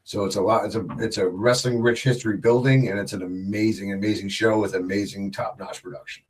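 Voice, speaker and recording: A man's voice: on the low side, steady tone, fairly quick, far from the mic. A man guesting on a casual wrestling podcast, rambling with many fillers and restarts and joking around. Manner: jokey, slips into wrestler impressions.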